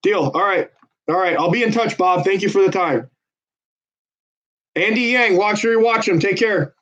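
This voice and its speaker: A man's voice: high voice, moderate pace, fairly bright tone. A man volunteering on a phone bank, chatting with callers and viewers in a joking, persuasive salesman style. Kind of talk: casual livestream chat while making calls. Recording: dull lo-fi audio.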